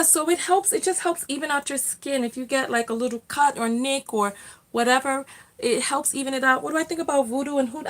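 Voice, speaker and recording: Chatty woman hosting a livestream. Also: sits high. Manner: chatty and warm, frequent fillers and restarts. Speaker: livestream host, self-love coach. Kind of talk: casual livestream chat reading viewer comments.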